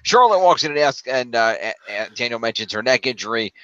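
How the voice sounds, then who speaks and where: Guy with a bright bouncy voice running through a show recap, dull dry mic. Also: mid-range voice, expressive, brisk. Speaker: podcast co-host. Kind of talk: casual chat and recap.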